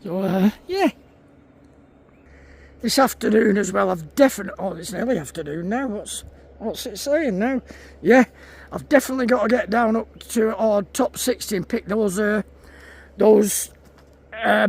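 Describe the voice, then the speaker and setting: Chatty man vlogging outdoors, very high pitch with gravelly fry. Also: moderate pace. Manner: chatty, talks to animals and viewers. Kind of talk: casual vlog chat. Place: outdoors in a field.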